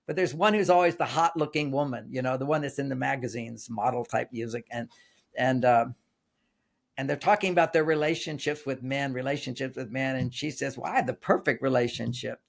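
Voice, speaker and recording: A man's voice: mid-range voice, brisk, vocal fry. An older man, a relationship author, explaining his ideas in an interview with anecdotes, often repeating and restarting phrases.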